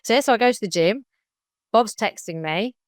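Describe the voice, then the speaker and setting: A woman's voice: medium pitch, moderate pace, no echo, clean studio sound. A woman, a guest on a podcast recounting her story and acting out other people's lines as she goes. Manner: animated retelling that acts out other people's lines. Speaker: interview guest.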